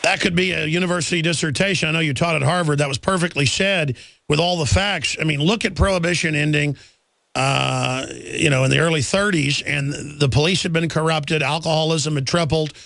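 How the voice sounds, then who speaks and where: A man's voice: fairly high pitch, fairly even intonation, brisk, gravelly, a bit bright, no room sound. A man hosting a talk radio show, speaking in an emphatic, ranting way. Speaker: radio host.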